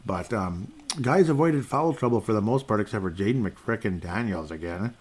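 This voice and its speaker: Guy doing a sports recap podcast, lowish voice, sarcastic, rambles and laughs a lot. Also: lively intonation, normal speed, hardly any pauses, darkish tone, husky. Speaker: podcast host.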